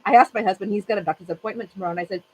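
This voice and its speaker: A woman's voice: mid-range voice, rapid-fire, a little mellow, a little hiss or hum, low-quality recording. A woman in her fifties hosting a craft channel, chatting casually with her livestream viewers in a rambling way and laughing often.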